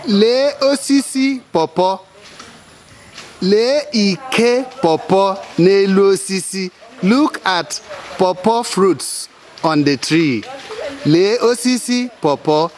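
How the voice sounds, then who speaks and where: A man with an Igbo accent teaching a slow language lesson, repeating words and spelling them out letter by letter. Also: high-pitched, lively intonation, darkish tone, a little hiss or hum.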